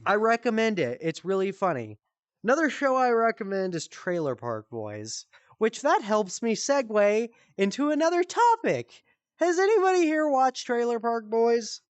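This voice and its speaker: Smooth-voiced young man telling crude stories. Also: very high-pitched, sing-song, normal speed, no echo. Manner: profane, rambling, laughs at his own stories. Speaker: streamer comedian. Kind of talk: casual comedic storytelling. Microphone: headset.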